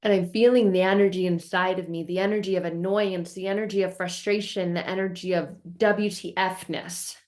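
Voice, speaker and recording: This self-help vlogger speaks in a lower register with fairly even intonation, moving at normal speed with hardly any pauses. Telling her story expressively, she voices her frustration as quoted outbursts and strings repeated phrases into rhythmic lists.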